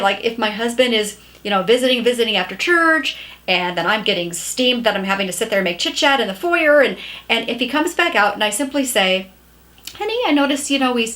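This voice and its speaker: Middle-aged woman, high bright voice, very expressive, chatty advice-giver. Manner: chatty and animated, acting out quoted lines. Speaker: marriage advice speaker. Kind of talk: casual advice talk to camera.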